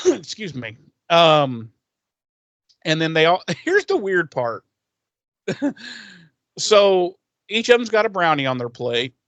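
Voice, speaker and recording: A man's voice: on the high side, huge pitch swings, slow pace, pauses often, fairly bright tone, no room sound, highs cut off. Podcast co-host, male, dry close sound, swears freely and jokes through the recap. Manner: profane, jokey, laughs often. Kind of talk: casual recap chat.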